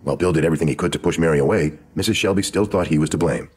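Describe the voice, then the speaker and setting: A man voicing a sharp, sardonic woman screenwriter of the 1920s in a true crime audio drama, with a dry, knowing manner. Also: a bass voice, rapid-fire, slightly rough. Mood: confiding.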